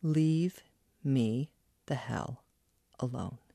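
Moody changeable aunt, read by a woman, slow and deliberate, dry close sound. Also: rumbling low, creaky, warm tone, no echo, full character voice. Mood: bitter. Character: moody adult aunt, warm then cruel.

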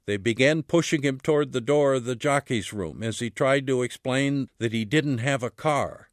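A man reads his own book aloud, measured and steady, his voice sinking low on each dialogue tag. His pitch sits at an ordinary middle, and the recording is dry and close. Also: no room sound. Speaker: author.

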